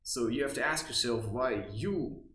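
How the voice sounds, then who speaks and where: A man's voice: medium pitch, moderate pace, roomy sound, low-quality recording. A man giving a rambling spiritual monologue, provocative and mocking. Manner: animated, provocative, with mocking asides. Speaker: spiritual vlogger.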